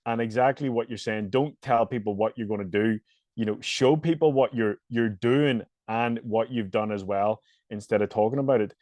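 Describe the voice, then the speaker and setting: A man's voice: on the low side, moderate pace, darkish tone, no echo. A man with a Northern Irish accent hosting a casual podcast conversation, talking in an earnest, reflective way with lots of "you know" fillers. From Northern Ireland. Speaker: host and fitness coach.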